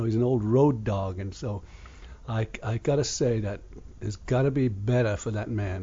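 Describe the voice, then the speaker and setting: A man's voice: fairly low pitch, dark tone, slightly rough, muffled recording. An older man from England hosting a radio show, talking in a blunt, profane, rambling way.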